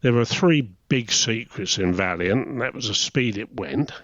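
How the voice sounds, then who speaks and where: A man's voice: medium pitch, lively intonation, normal speed, dry recording. A man in his eighties from England, a retired naval officer telling chatty anecdotes in an interview, often chuckling. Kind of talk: casual reminiscing interview. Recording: dry, slightly dull recording.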